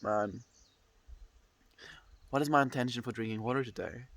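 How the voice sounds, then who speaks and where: A man's voice: mid-range voice, fairly even intonation, moderate pace, a bit bright, no room sound. A young man with a stuffy nose chatting casually on a livestream, rambling and reflective as he greets viewers.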